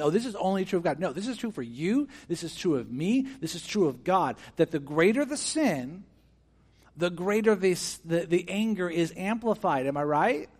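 His voice on the high side, a pastor gives a sermon that swings from hushed to emphatic. Along the way he asks his audience questions and dramatizes quoted speech.

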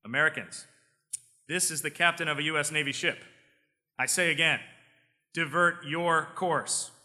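A bellowing, self-important navy captain, as a preacher acts him out in a raised, higher voice, slowing down to hammer each order. The sound is bright and cutting, with a long reverb from a big hall. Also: male voice, fairly even intonation. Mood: commanding. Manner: raised, commanding, slow emphatic delivery. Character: blustering male navy captain, demanding and pompous.

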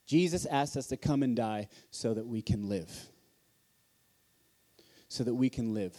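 With a dark, mid-range voice, a man preaches earnestly at a conference held in a hall. His sermon takes a conversational tone, peppered with rhetorical questions.

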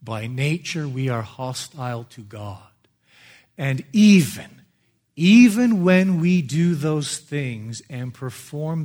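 A man's voice: fairly high pitch, lively intonation, slow pace. Emphatic male pastor preaching. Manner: emphatic preaching that swings between loud and hushed. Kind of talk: sermon. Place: church with a live congregation.

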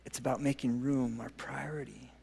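A man preaching a sermon with emphatic repetition and frequent chuckles, then dropping to a hushed prayer. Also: medium pitch, steady tone, normal speed, creaky, breathy edge. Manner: emphatic, repeats phrases, chuckles often, softens to a near whisper in prayer. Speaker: pastor. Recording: long reverb of a large hall.

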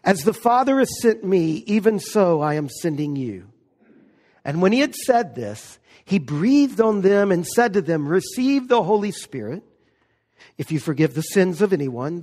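Man, pastor, preaching, high voice, long hall reverb. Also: a little mellow. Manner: emphatic preaching with slow stressed words. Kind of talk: sermon.

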